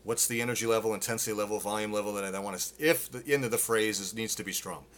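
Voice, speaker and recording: A middle-aged man teaching a live singing Q&A, explaining casually with lots of fillers and quick demonstrations. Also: fairly low pitch, a bit bright. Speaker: vocal coach.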